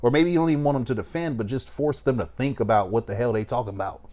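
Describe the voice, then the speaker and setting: A man's voice: mid-range voice, fast talker, darkish tone. A young man, talking in a casual, emphatic way as he reacts to a video and gives advice. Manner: emphatic, preachy, keeps saying "you know what I'm saying". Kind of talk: casual commentary.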